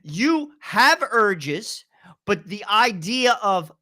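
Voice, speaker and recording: A man co-hosting a political talk show, explaining his views in a deliberate, lecturing way. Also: high voice, lively intonation, pushed and bright, no echo, studio quality. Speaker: co-host.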